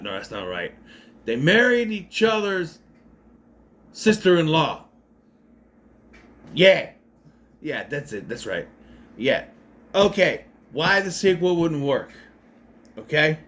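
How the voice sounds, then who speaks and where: A man's voice: fairly high pitch, fairly bright tone. A man giving a casual spoken movie recap, rambling and correcting himself, with sarcastic asides. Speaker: movie reviewer.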